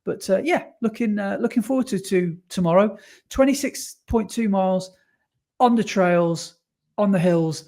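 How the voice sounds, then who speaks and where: A man's voice: high voice, normal speed, darkish tone. A man co-hosting a podcast, chatting casually in an easygoing, rambling way. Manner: easygoing, rambling, repeats himself. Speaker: podcast co-host. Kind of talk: casual chat.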